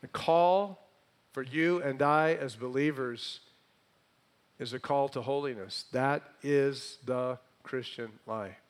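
Preacher with big volume swings. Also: male voice, mid-range voice, slow pace. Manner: call-and-response questions to congregation, dynamic swings between loud and soft. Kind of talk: sermon.

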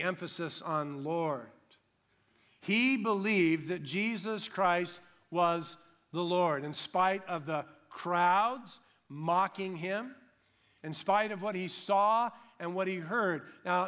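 A man preaching a sermon with emphatic delivery, swinging from loud to hushed, acting out quick imagined voices. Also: sits high. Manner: acts out imagined voices in quick dramatic bursts. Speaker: pastor.

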